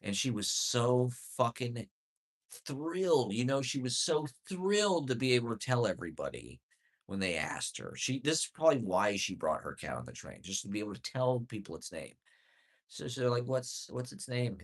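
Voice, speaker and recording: A man's voice: medium pitch, sing-song, moderate pace. A man rambling through a profane, self-deprecating comedic monologue with sardonic chuckles. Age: adult.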